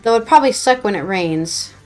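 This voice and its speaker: A woman's voice: mid-range voice, expressive, brisk, a little mellow. A woman streaming a video game, chatting casually and joking with a playful manner. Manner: playful, joking, laughs often. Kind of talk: casual gaming stream commentary. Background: faint game music.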